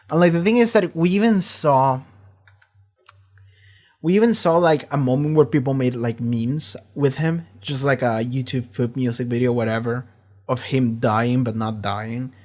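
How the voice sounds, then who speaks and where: A man recapping and reacting to a TV episode in loose, casual commentary. He rambles, swears freely and gets animated as he goes, with a voice of ordinary middle pitch. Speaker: show reaction host.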